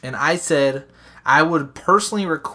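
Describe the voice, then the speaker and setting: A man hosting a casual podcast, his voice a touch high and bright, with a forceful edge. He talks loosely, restarts sentences, swears freely and laughs between his points. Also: moderate pace. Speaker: podcast host.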